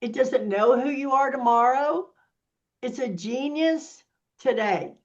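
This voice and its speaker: A woman giving a casual teaching talk as a workshop presenter, with an animated, sassy manner, explaining step by step. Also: sits high, slow, dull audio.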